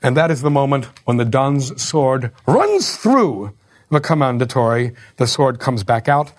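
A man's voice: medium pitch, big pitch swings, measured pace, soft background music. A man giving a lecture on opera, explaining scenes in a wry, conversational way with ironic asides.

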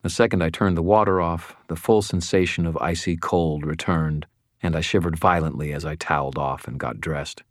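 A man narrating a first-person fantasy audiobook in a steady, wry storytelling manner. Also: deep voice, normal speed, dry recording, studio quality.

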